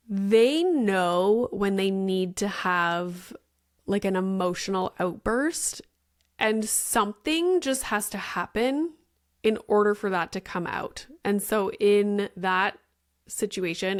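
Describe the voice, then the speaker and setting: A woman in her thirties hosting a podcast, telling a parenting story in a chatty, casual way, full of "like" fillers and casual swearing. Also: medium pitch. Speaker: podcast host.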